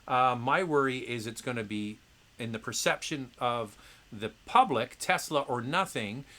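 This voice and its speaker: Middle-aged guy doing a live q&a, bright forceful voice, chatty and opinionated, lots of ums. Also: medium pitch, a little slow. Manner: chatty, opinionated, frequent fillers and restarts. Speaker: host answering viewer questions. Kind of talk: casual livestream Q&A.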